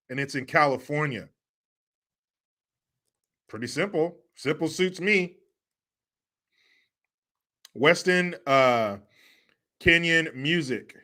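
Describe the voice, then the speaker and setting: A man's voice: on the high side, pushed and bright. A man hosting a live stream commentary show, mocking and profane and laughing often. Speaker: host.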